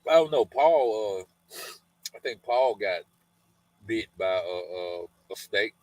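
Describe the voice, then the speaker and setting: A man's voice: lowish voice, lively intonation, slow, no echo, poor audio. A man hosting a podcast, reading scripture aloud and breaking off into loose, colloquial commentary, often adding "man" and "you know" as he talks. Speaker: podcast host.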